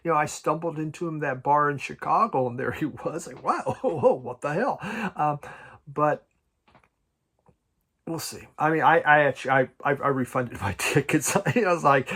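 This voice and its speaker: A man chatting casually about his record collection at home, halting and restarting often and chuckling now and then. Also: on the high side, expressive, fairly bright tone. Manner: halting, many restarts and repeated words. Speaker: vinyl record collecting vlogger. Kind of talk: casual rambling chat.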